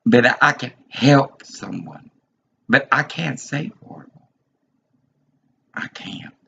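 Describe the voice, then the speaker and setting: Gravelly, agitated man ranting slowly. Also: medium pitch, lively intonation, fairly bright tone. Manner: agitated, ranting, repeats himself. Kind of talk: rambling recorded monologue. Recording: dull lo-fi recording.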